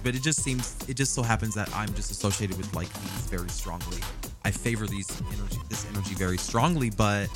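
A man hosting a podcast, musing and rambling with many fillers and restarts. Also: medium pitch. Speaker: podcast host. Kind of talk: casual podcast monologue.

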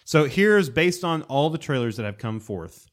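Excitable man acting out a story. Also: a little high, moderate pace. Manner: excitable, acts out characters and sound effects. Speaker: podcast co-host. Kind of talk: casual chat, animated storytelling.

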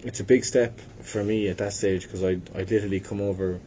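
Deep-voiced young Irish man, noisy. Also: steady tone, brisk, dark tone. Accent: Irish, Limerick. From Ireland. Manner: rambling, self-deprecating, many restarts. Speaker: actor guest. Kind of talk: casual interview chat. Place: hotel venue. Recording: noisy with low rumble.

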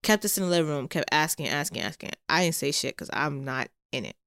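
A woman's voice: deep voice, expressive, fast, creaky, fairly bright tone, no echo, clean studio sound. A young woman co-hosting a podcast, telling a childhood story in a blunt, profane, casual way. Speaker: podcast co-host.

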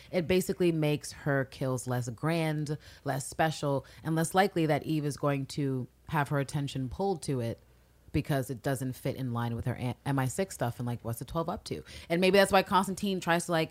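A woman co-hosting a podcast, chatting casually and with opinions about a TV episode, acting out the characters' lines as she recaps. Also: low voice. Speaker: podcast co-host.

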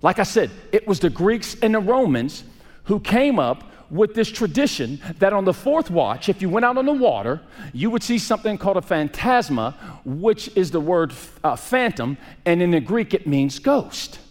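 A man preaching a sermon, swinging from raised emphasis to hushed, quiet lines. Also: high voice, very animated, moderate pace, big-room sound. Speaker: pastor.

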